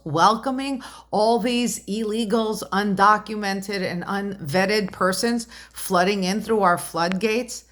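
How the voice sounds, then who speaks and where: Woman ranting politics to her viewers, rhetorical questions, mid pitch voice. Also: a bit bright. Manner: indignant, rhetorical, emphatic repetition. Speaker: commentary vlogger. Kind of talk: political commentary monologue.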